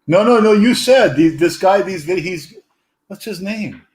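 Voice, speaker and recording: A man's voice: high-pitched, lively intonation, a little slow, a little mellow. A man hosting a casual chat, rambling and searching for his words.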